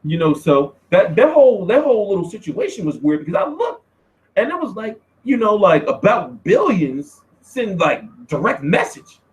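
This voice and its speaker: A man hosting a casual boxing Q&A stream, talking loosely and profanely, with loud, high-pitched outbursts when he tells a story. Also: big pitch swings, normal speed, poor audio. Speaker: boxing show host.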